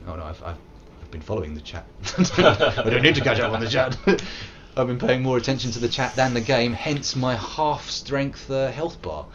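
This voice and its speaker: A man's voice: medium pitch, lively intonation, normal speed, lo-fi sound, crowd noise. An English man in his thirties, rambling playfully as he streams a game live and chats with viewers. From England. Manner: playful, rambling, bursts into silly put-on voices. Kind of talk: live gameplay commentary.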